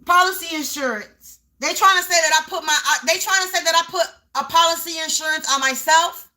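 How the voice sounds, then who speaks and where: A woman gives a spiritual reading to the camera. Her voice sits high and sounds bright and forward. She talks in emphatic, repeating bursts and sometimes yells. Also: a little fast. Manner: emphatic, repetitive, breaks into yelling. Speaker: spiritual reader. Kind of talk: live tarot-style energy reading.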